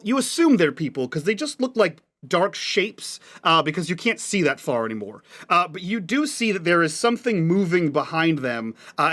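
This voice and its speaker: A man's voice: fairly high pitch, fairly bright tone. A man narrating as game master of a tabletop game, rambling and laughing as he goes. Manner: rambling, many fillers and restarts, laughs often.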